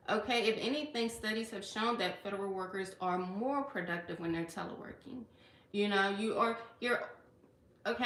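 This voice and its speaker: A woman from Washington DC speaks in a personal livestream about her work as a federal employee. Her voice sits at a middle pitch and she talks earnestly, with a little tearfulness, dropping in "okay" and "you know" often. The room gives her voice a noticeable echo. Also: a bit bright. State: tearful at times. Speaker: federal worker and livestream vlogger. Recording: echoey room.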